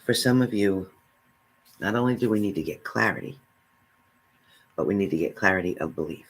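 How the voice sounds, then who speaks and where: Man, spiritual reading monologue, husky, earnest, repetitive, direct address. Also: sits low, brisk. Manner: earnest, repetitive, speaks straight to the listener. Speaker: spiritual reader.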